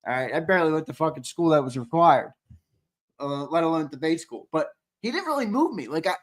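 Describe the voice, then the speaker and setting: A brash, foul-mouthed man with a slightly high voice chats loosely on a live sports stream. He trash-talks his viewers, reads their comments aloud and laughs as he goes, often saying things twice. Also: big pitch swings, brisk. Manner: brash and profane, with trash talk; reads out and answers the live chat. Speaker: sports show host. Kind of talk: casual livestream chat.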